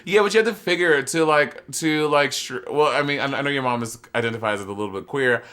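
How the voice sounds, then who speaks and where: A man in his thirties co-hosting a podcast, talking in a sassy, expressive way and swearing freely. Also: medium pitch, quick pace. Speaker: podcast co-host. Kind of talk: casual chat.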